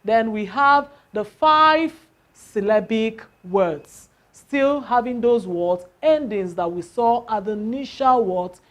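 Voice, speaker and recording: A woman's voice: fairly high pitch, animated, slow pace. A woman teaching a lesson on word stress, spelling out letters and asking the class rhetorical questions.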